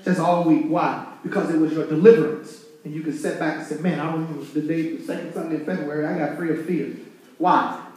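A man's voice: fairly high pitch, steady tone, brisk, darkish tone. A man preaching a fired-up sermon as pastor, talking with his congregation and asking them questions. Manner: fired-up, conversational preaching with call-and-response. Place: church sanctuary. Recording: echoey room, from far off.

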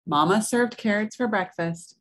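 A woman reading a picture book aloud to children, gently explaining words as she goes. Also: medium pitch, normal speed. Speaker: story reader for children at church.

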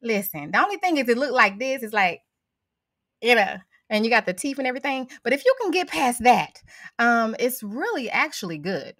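Brief: folksy guest woman, relaxed storyteller, calls everyone honey, dry close sound. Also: a little high, moderate pace, dry recording. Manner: folksy, drawling, says honey a lot. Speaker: guest cook. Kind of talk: casual chat on a video call.

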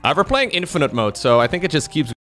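A man chatting through a live game stream, his voice sitting a little high and swinging widely up and down. He gets excitable, laughing often and breaking into high yelps. Faint music plays quietly under his voice. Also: fast talker. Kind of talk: casual live-stream commentary.

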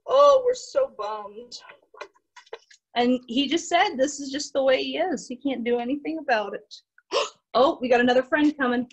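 A young woman with a Midwestern American lilt leads a children's storytime over a video call, reading a picture book aloud. Her voice sits a little high, and she keeps it animated and encouraging, coaxing the kids to join in. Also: normal speed, breathy edge, poor audio. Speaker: art teacher.

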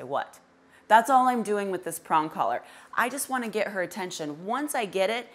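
A dog trainer with a fairly low, slightly bright voice lays out her method in an instructional way. She teaches directly and emphatically, leaning on everyday comparisons.

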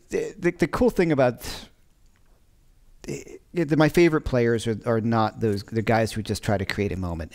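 A man's voice: lowish voice, a little mellow. A middle-aged man, a guitar teacher, chatting casually on a livestream from home, rambling and often breaking off mid-sentence. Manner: rambling, self-interrupting, chatty. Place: home during lockdown.

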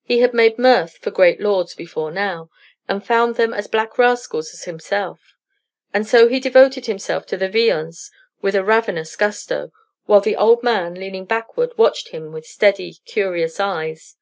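A woman reads a classic short story aloud in a steady, clear narration meant for English learners. Her pitch sits in an ordinary middle range. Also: unhurried.

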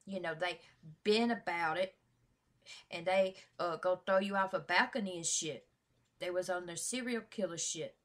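A woman hosting a reaction vlog, talking in casual slang, full of shout-outs and swearing, hyped up for the track. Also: fairly low pitch, normal speed. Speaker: YouTube reaction host.

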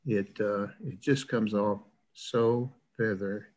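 A man's voice: lowish voice, fairly even intonation, takes it slowly, a little mellow, poor audio. An older man from the American South with a plain Midwestern-sounding accent, lecturing in an online class in a chatty, rambling way with lots of fillers.

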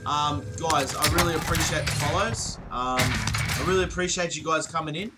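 A young Australian man live-streaming a shooter game, excitable, swearing and thanking viewers again and again. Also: on the high side, moderate pace. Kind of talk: live-streamed gameplay chat. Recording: noisy game stream with clicks.

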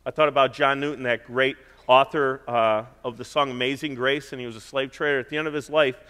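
A man's voice: medium pitch, steady tone, a little fast, pushed and bright, smooth, long reverb tail. A middle-aged man preaching a sermon in a conversational way, stressing points by repeating them. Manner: conversational preaching with emphatic repetition. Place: church.

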